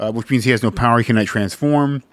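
A man's voice: medium pitch, quick pace, dry recording. A man co-hosting a podcast, chatting casually about a film, rambling with lots of fillers and restarts and casual swearing. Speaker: podcast co-host. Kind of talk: casual chat.

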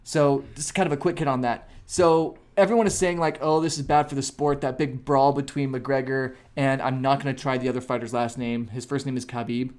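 A man co-hosting a podcast, chatting casually and telling stories in a jokey, animated way. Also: medium pitch, fairly quick, hardly any pauses. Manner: animated, jokey storytelling with acted quotes. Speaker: podcast co-host. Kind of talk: casual chat.

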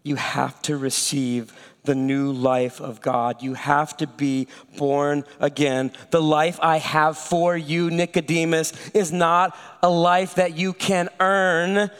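A preacher voicing a slow, earnest teacher. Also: male voice, on the high side, level tone, fairly bright tone, clear, resonant tone, big-room sound. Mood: gentle. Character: calm, earnest male teacher speaking bluntly.

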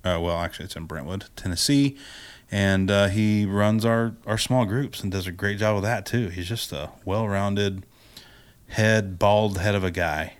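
A man co-hosting a podcast in relaxed chat, laughing easily. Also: fairly low pitch, moderate pace, smooth. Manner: laid-back and chatty, laughs easily. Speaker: podcast co-host. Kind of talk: casual chat.

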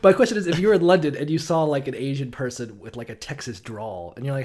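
A man's voice: medium pitch, fast talker, few pauses, a little mellow. A man co-hosting a casual comedic chat, swearing often and jumping into goofy voices.

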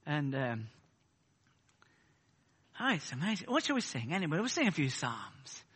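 A man preaching a sermon. He swings between loud, fervent peaks and soft, chatty asides. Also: a little high, very animated, moderate pace, breathy edge, long reverb tail.

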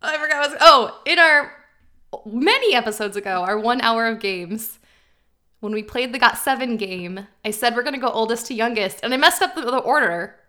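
Bright-voiced Midwestern woman, earnest. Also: on the high side, expressive, fairly quick. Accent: American Midwestern. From American Midwest. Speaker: podcast co-host. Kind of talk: casual chat.

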